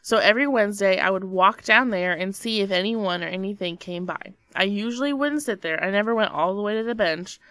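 A woman's voice: mid-range voice, brisk, few pauses, a bit bright, smooth, dry recording. A young adult woman, a podcast co-host, reading a scary story aloud with dramatic storytelling and nervous laughter.

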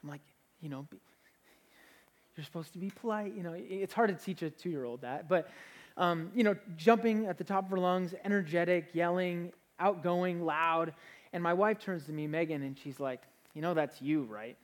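A young man, a pastor, preaching a sermon in an energetic, conversational way, with frequent restarts. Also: high voice, moderate pace.

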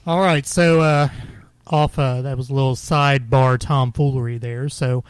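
A man's voice: medium pitch, fairly even intonation, normal speed, clear, resonant tone, no echo. A man co-hosting a casual podcast, easygoing as he explains how the show works. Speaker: podcast co-host, moderator. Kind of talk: casual chat.

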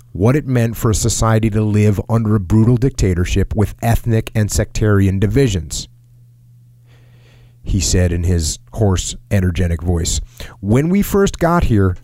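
A middle-aged man in a casual podcast talk, reading from an article and acting out quotes with lively jumps in pitch. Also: dry recording, studio quality. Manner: animated storyteller, acts out quotes in a raised pitch. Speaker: podcast host.

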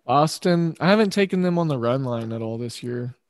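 Guy hosting a chill chat, middle pitch, dry close mic, lots of um and pauses. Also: animated, no echo. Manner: thinks aloud, measured with pauses and fillers. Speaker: podcast host. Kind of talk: casual chat.

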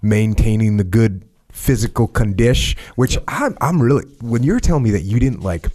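A man's voice: on the low side, animated, moderate pace, mellow. A man hosting a podcast, chatting in a laid-back, slangy way with his guest. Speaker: podcast host. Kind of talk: casual conversation.

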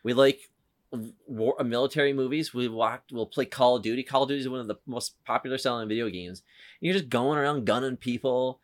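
A man's voice: mid-range voice, a little fast. A man hosting a casual movie podcast, rambling with many fillers and restarts. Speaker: podcast host.

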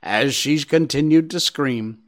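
A man reading a storybook aloud with an expressive, varied delivery. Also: fairly high pitch, unhurried. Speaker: narrator.

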